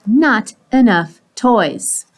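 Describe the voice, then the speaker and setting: Woman doing a squeaky fussy pigeon. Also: lively intonation, drawn-out words. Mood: picky. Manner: high, squeaky, complaining. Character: fussy young male pigeon, picky and whiny.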